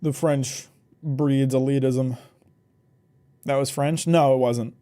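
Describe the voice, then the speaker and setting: A man's voice: mid-range voice, fairly even intonation, slow, dark tone. A man streaming from home, chatting casually with his viewers, joking and swearing bluntly. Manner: blunt, joking and profane, reads chat aloud. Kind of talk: casual live-stream chat.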